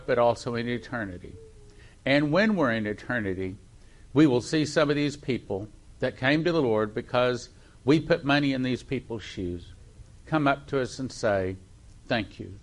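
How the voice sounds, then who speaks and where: A man, a pastor, leading an earnest, fervent spoken prayer over an offering. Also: medium pitch.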